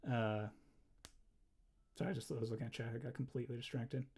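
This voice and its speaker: A young man chatting casually on a livestream while drawing, rambling and easily distracted, breaking into quick laughs. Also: medium pitch, steady tone, vocal fry, darkish tone, slightly rough. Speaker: livestreamer and animator.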